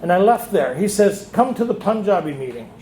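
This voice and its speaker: High-voiced man telling his story. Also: sing-song, a little fast, darkish tone, a little hiss or hum. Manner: storytelling, acts out quoted dialogue. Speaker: retreat speaker. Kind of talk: recovery meeting share. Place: meeting hall. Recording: echoey room.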